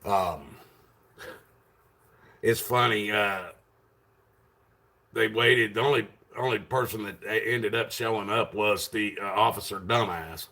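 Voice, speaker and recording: Loud rambling man with a gravelly voice. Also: fairly low pitch, takes it slowly, pauses often. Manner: loud, rambling retelling with many fillers. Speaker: vlogger. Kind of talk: casual storytelling to camera.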